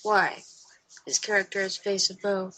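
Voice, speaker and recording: A woman's voice: medium pitch, flat delivery, normal speed, pushed and bright, low-quality recording. A woman as a guest commentator on a fan podcast, chatting casually and reading out news items.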